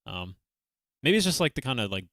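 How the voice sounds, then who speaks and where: A man's voice: medium pitch, big pitch swings, a little fast, fairly bright tone, no room sound, studio quality. A young man hosting a reaction livestream, rambling casually with lots of fillers and the odd swear word. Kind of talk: casual chat.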